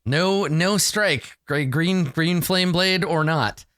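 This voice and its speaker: A man's voice: a little high, slow pace, fairly bright tone, smooth, dry recording, studio quality. A man running a tabletop game as game master, laughing often while he narrates the action.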